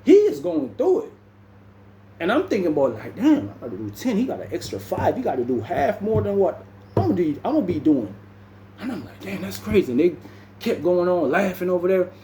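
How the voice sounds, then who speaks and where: A man's voice: high voice, sing-song, a little fast, dark tone, roomy sound, a little hiss or hum. A young man, telling a story casually and saying "bro" constantly. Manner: laid-back, says "bro" constantly, acts out other people's lines. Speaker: vlogger.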